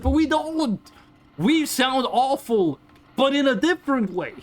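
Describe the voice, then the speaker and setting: Animated, swearing Norwegian woman streamer. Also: on the high side. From Norway. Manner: ranting, swears freely, animated. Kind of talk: casual livestream chat.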